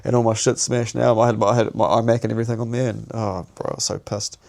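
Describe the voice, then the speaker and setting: A young New Zealand man co-hosts a podcast, telling a personal story in slangy, sweary, casual chat and often restarting his sentences. His voice is fairly low, gravelly and darkish, delivered flat and fast.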